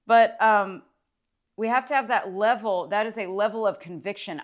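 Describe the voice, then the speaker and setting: A woman's voice: mid-range voice, normal speed. A woman, a social worker, talking casually and enthusiastically to camera about mindset, rambling with fillers and restarts. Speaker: licensed clinical social worker and mindset vlogger. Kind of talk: casual motivational talk to camera.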